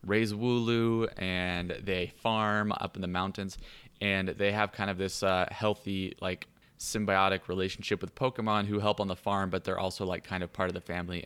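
A very low-voiced man talking casually, his voice smooth and resonant. He rambles through a long story with plenty of "um"s and "like"s. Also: flat delivery, normal speed, fairly bright tone. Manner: rambling storyteller, many fillers. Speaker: player describing his character. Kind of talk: casual podcast chat.

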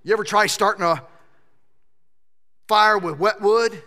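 A man pastor preaching a sermon in a church sanctuary, animated and swinging between loud shouting and hushed intensity. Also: high-pitched, a little slow, long pauses. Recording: long church-hall reverb.

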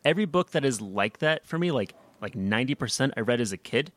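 A man's voice: mid-range voice, expressive, fast talker, fairly bright tone, no room sound. Young man, from the US, podcast host, casual rambling chat, dry close recording. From United States. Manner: rambling, many fillers and restarts.

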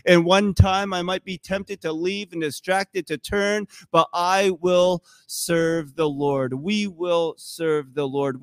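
A man preaching a sermon to his congregation, dropping into soft hushes and slow emphatic pauses. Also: on the high side, no room sound. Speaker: pastor.

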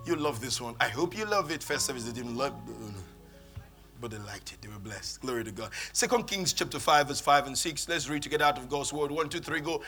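A man's voice: medium pitch, expressive, brisk, bright, forceful tone, faint music behind. A man preaching a sermon in church, leading the congregation in call-and-response. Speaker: pastor.

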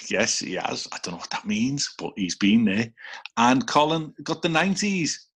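A man's voice: medium pitch, sing-song, measured pace, a bit bright, husky. A man with a Liverpool accent hosting a casual podcast over a video call, teasing and swearing at his friends. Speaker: episode host.

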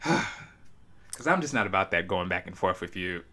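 A man in a relaxed podcast conversation, his voice sitting fairly low. He tells stories in an animated way and slips into quick impressions of other people. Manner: animated storytelling, mimics others. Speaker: podcast co-host. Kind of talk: casual chat.

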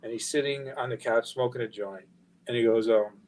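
A man's voice: mid-range voice, moderate pace, slight background noise, poor audio. A middle-aged man, a podcast guest telling a long story in a casual, profane way and acting out the quoted lines. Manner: profane, animated anecdote-telling with quoted dialogue. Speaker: guest, record label founder.

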